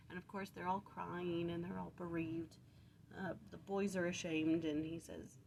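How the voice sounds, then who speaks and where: A woman talks through a scripture passage in a relaxed, chatty way, correcting herself as she goes. Her voice sits on the low side. A faint hum of room ambience runs underneath. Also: moderate pace, creaky. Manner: chatty, self-correcting, acts out quotes playfully. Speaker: scripture study vlogger. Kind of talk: casual scripture study and retelling.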